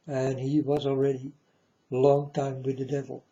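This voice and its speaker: A man giving a preachy monologue to his viewers, halting often and grandly addressing them as folks. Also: mid-range voice, completely flat delivery, dark tone. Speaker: self-styled preacher vlogger. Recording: dull lo-fi recording.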